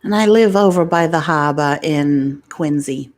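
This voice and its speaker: Woman impersonating an older Boston ASMR grandpa, folksy, slow, low-ish whispery delivery. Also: a little mellow.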